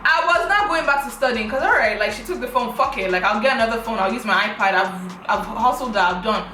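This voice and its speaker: Bright-voiced woman telling a story. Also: fairly high pitch, fast, hardly any pauses, echoey room, faint music behind, low-quality recording. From Africa. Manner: animated, dramatic retelling full of rhetorical questions. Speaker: vlogger. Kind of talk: storytime vlog.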